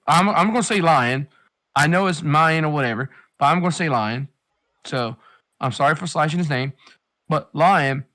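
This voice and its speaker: A man's voice: fairly high pitch, fairly bright tone. A man in casual chat, rambling and swearing as he hands out life advice. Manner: rambling, profane, advice-giving.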